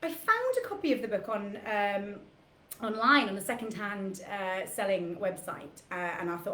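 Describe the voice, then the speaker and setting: A woman's voice: mid-range voice, lively intonation, moderate pace, fairly bright tone. A woman hosting an online cabaret from home, chatting in a giggly, self-mocking, camp way and laughing at her own jokes. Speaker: cabaret host. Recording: roomy echo with piano music behind.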